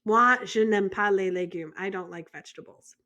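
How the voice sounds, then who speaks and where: A woman's voice: mid-range voice, moderate pace, bright, forceful tone. An American woman teaching a French vocabulary lesson in a chatty way, joking and asking the viewer questions. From United States.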